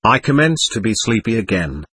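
A lost, lonely girl spirit with a childlike way of speaking, as a man reads her lines aloud. The voice is husky and slightly breathy, with a lively, rising and falling pitch, in a dry, close sound. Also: moderate pace, no echo, full character voice. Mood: wistful. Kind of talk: reading a séance transcript aloud.

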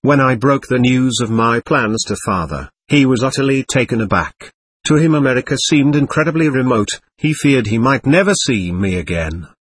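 A man narrating an audiobook memoir in an earnest, measured reading on a close microphone. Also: medium pitch, expressive, a little hiss or hum.

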